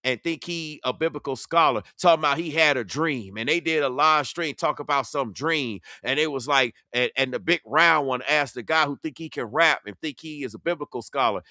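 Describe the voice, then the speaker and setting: Heated man roasting his rivals, sharp edgy voice, slightly high, dry close mic. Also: a little fast, few pauses, no room sound. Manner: confrontational, preachy, mocking. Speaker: online commentator. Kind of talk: heated reaction commentary.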